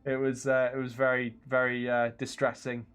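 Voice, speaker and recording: A man's voice: mid-range voice, monotone, moderate pace, fairly bright tone, clear, resonant tone. An English man casually chatting on a game stream, reading chat and laughing at himself. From England. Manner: chatty, self-deprecating, laughs often, reads chat aloud.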